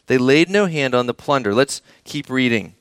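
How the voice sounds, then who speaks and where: A man's voice: mid-range voice, animated, moderate pace, smooth, no room sound, clean studio sound. A man preaching a sermon, reading scripture aloud and asking the children in the congregation questions. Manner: engaging, asks the children questions. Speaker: pastor.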